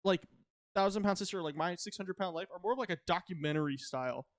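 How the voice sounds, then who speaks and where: Man, podcast co-host, joking profane chat, high pitch, dry close sound. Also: fast talker, dry recording. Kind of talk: casual chat.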